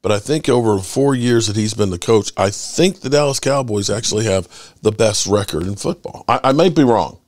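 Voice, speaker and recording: A middle-aged man hosting his sports channel, chatting casually and rambling through stories with lively swearing. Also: lowish voice, moderate pace, dry recording. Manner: animated storyteller, swears freely. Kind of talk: casual rambling fan chat.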